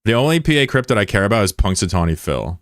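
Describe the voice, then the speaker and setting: Low-voiced joking streamer man. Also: big pitch swings, quick pace, no echo, clean studio sound. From United States. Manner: joking, profane, rambling asides. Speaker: live streamer. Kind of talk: casual chat, reading out viewer comments.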